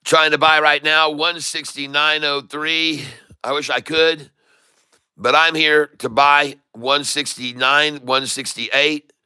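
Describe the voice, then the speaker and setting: Bright, crisp-voiced stock trading streamer. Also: male voice, on the high side, takes it slowly, no echo. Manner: excitable, repeats sell calls to viewers; jokey, mixes in broken Spanish. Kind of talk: live trading commentary.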